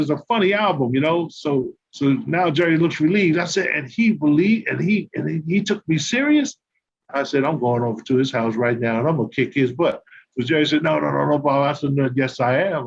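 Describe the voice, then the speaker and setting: An older man, a podcast guest and former basketball player, telling casual stories and acting out the dialogue with laughter. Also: fairly high pitch. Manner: animated, acts out quoted dialogue, laughs while telling. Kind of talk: casual anecdote storytelling. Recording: slightly muffled with faint background noise.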